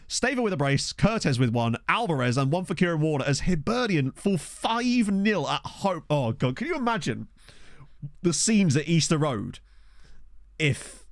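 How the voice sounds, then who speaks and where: A man giving casual, excitable let's-play commentary, chatting to his viewers from a desk mic. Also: medium pitch, no room sound, studio quality. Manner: chatty, excitable, talks to chat. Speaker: game streamer. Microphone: desktop USB microphone.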